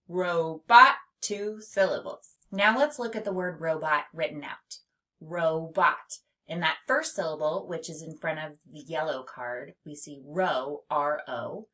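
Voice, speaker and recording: A woman teaching a phonics lesson, speaking slowly and stretching words out syllable by syllable. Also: sits low, fairly bright tone. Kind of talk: slow, clear classroom instruction.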